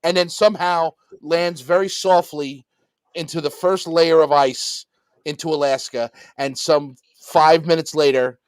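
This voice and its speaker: A man's voice: on the high side, steady tone, measured pace, clear, resonant tone, dry recording. Dry-sounding talkative man. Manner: talkative, mocking. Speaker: podcast co-host. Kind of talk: casual chat.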